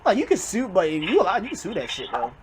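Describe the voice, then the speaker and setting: Reaction host, male, excitable and loud, very lively delivery. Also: sits high, fast, crowd noise. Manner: excitable, yells at the clips, heavy swearing. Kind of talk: casual profane reaction commentary.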